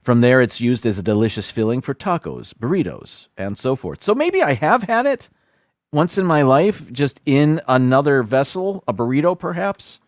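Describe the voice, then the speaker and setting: A man's voice: mid-range voice, big pitch swings, moderate pace, no room sound, studio quality. A man hosting a livestream, casually reading a list aloud, stumbling over foreign words and adding self-deprecating asides. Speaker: livestream host.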